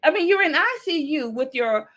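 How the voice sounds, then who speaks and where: A woman's voice: sits high, animated, moderate pace, a bit bright. A woman hosting a podcast, affirming her guest often and recapping the story back in disbelief. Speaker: podcast host. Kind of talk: interview podcast.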